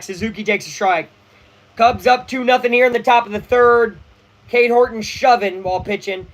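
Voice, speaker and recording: A young man hosting a casual live baseball watch-along, chatty and excitable, full of slang. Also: very high voice, moderate pace, rough recording. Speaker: livestream host.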